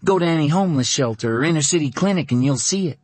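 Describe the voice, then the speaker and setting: A man's voice: fairly high pitch, animated, darkish tone, husky, no room sound, voice pushed up. A man voicing a fierce, fiery woman scolding hard. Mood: furious. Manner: mocking then furious, rapid scolding. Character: fierce blunt woman who survived a hard injury, fiery. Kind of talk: audiobook character voice.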